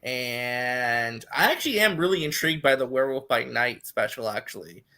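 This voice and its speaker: A man's voice: mid-range voice, animated, moderate pace, pushed and bright. A man on a casual panel chat, teasing the others and listing his picks with hesitations.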